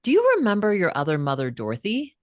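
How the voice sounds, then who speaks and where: A woman voicing her four-year-old daughter, who speaks in a gentle, matter-of-fact way. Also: mid-range voice, huge pitch swings, quick pace, dry recording, studio quality, pitched above the performer's own voice. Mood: serene. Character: little girl of four, calm and certain.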